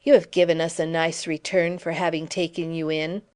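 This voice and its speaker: Blunt young fella, low smooth voice, read by a woman. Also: level tone, normal speed, darkish tone, lightly acted. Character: blunt plain-spoken young man.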